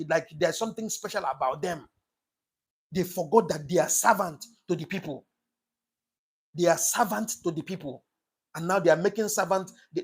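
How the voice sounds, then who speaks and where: A man's voice: on the high side, husky. A man giving an impassioned, preachy political monologue, repeating his points for emphasis. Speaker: commentator on his own channel.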